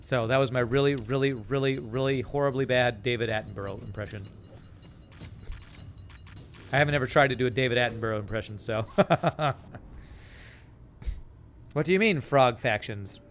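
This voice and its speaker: A man's voice: mid-range voice, a little fast, a little hiss or hum. A man streaming a strategy game live, talking casually through his moves and reading out and answering viewer chat. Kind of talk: live gameplay commentary.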